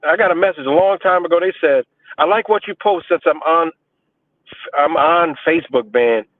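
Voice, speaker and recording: A livestream host with a fairly high-pitched voice rants about a message, full of profane, boastful scorn, at a moderate pace. The recording is dry and tinny, like a phone.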